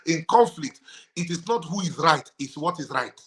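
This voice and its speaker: A man's voice: fairly high pitch, animated, moderate pace. A man, a pastor and marriage counselor, teaching about marriage in conversation and repeating key phrases for emphasis.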